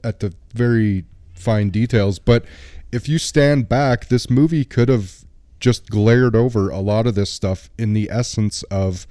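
A man's voice: fairly low pitch, measured pace, mellow, no room sound, studio quality. A man co-hosting a casual film podcast, talking thoughtfully and hedging with fillers. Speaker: podcast co-host.

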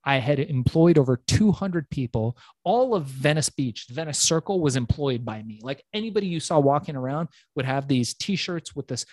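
A middle-aged man telling his story as an interview guest, animated and acting out dialogue, swearing freely. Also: mid-range voice, normal speed, few pauses, no echo.

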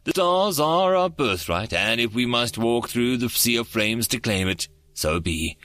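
A man's voice: medium pitch, animated, measured pace, fairly bright tone, no echo. A man voicing a proud, resolute female alien matriarch who speaks solemnly.

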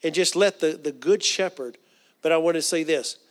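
A man preaching a sermon in a folksy, earnest way, with asides and restarts, dropping to a soft hush for quoted prayers. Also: on the high side, normal speed.

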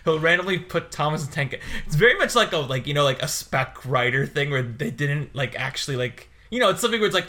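Bright-voiced man rambling on a podcast. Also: fairly high pitch, lively intonation, fast, few pauses. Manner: rambling, filled with "like". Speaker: podcast co-host. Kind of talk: casual chat.

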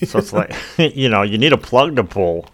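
A man's voice: fairly low pitch, sing-song, normal speed. A man co-hosting a casual podcast chat, tossing in wry, joking asides. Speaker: podcast co-host.

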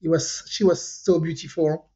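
Woman telling a story. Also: normal speed. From France. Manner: animated, jumps pitch when quoting people, frequent fillers. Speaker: podcast co-host. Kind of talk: casual storytelling chat. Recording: dull lo-fi podcast audio.

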